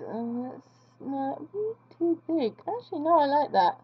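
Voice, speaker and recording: A woman's voice: high-pitched, expressive, unhurried, muffled recording. A young woman chatting casually while she draws, rambling and poking fun at herself. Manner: rambling, self-mocking chatter. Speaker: art vlogger. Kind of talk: casual chat while drawing.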